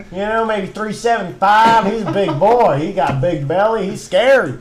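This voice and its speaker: High-voiced man hamming a Southern twang. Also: normal speed, a crowd in the background. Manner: hams up a put-on Southern twang; repetitive, riffing, profane. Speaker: podcast co-host. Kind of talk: casual ranting chat.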